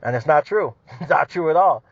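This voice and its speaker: A man's voice: on the high side, lively intonation, fairly quick, gravelly, no room sound. Profane, ranting podcast man. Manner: heavy swearing, repeats "you know what I mean", laughs often. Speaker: podcast host. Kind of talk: casual profane rant. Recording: dull lo-fi dry sound.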